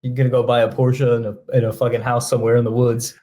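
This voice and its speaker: Fast-talking, laid-back man bantering. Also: medium pitch, flat delivery, mellow. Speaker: podcast co-host. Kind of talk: casual chat.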